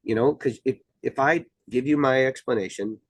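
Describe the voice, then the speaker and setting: A middle-aged man from Iowa, a wrestling official talking through rules in a casual podcast chat, measured and full of fillers. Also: medium pitch, breathy edge, no echo. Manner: measured, explanatory, many fillers.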